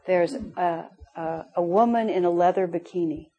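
A woman's voice: on the low side, normal speed, muffled recording, crowd noise. A woman giving a spiritual class in an earnest, chatty way, with many "you know" asides. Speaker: spiritual teacher. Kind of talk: conversational class talk.

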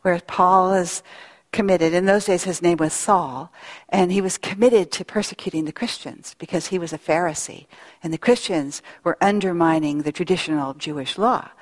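A middle-aged woman giving an earnest, reflective devotional talk as a spiritual speaker, telling a story with long pauses. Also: on the low side. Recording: long hall reverb.

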